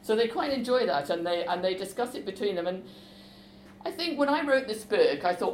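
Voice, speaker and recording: A woman author talking about her visits to schools, lively and chatty. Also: medium pitch, fairly quick, roomy sound, faint music behind, low-quality recording. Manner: lively, chatty, with fillers and restarts. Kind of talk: talk with a book reading.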